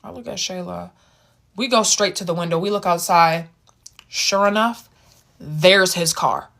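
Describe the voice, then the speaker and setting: Woman storyteller, bright voice, animated, casual vlog telling, repeats words. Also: fairly low pitch, unhurried.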